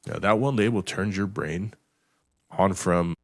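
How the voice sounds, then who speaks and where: A man's voice: low-pitched, unhurried, dry recording, studio quality. A man hosting a podcast, talking bluntly and emphatically, swearing often and repeating words as he restarts his sentences. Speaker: podcast host. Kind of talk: blunt motivational podcast talk.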